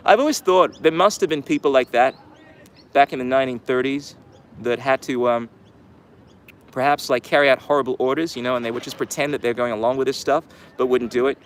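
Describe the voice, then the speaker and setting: A man's voice: medium pitch, fairly quick. A man hosting his channel's livestream, rambling through casual, sarcastic commentary. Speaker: channel host.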